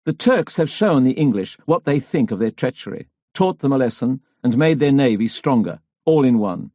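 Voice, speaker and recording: A male audiobook narrator reading history in a measured, storytelling manner. His voice is mellow and dark at a middle pitch, and the sound is dry and close. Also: animated, dry recording. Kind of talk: scripted narration.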